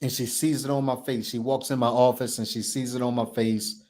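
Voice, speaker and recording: A man's voice: mid-range voice, level tone, brisk, a little mellow. Male podcast host, storyteller, emphatic and repetitive delivery with acted-out dialogue. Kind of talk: personal storytelling.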